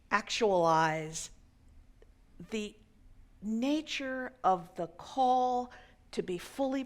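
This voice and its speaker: A woman minister telling a story in a sermon, measured, sometimes dropping to a hushed near-whisper. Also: medium pitch.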